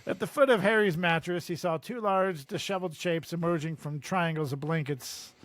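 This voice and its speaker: A man with a high voice co-hosts a relaxed book podcast, chatting and reading chapter passages aloud. He laughs easily mid-sentence. The sound is dry and close, with no room around it. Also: moderate pace, dry recording. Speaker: podcast co-host. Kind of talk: casual book-discussion chat and reading aloud.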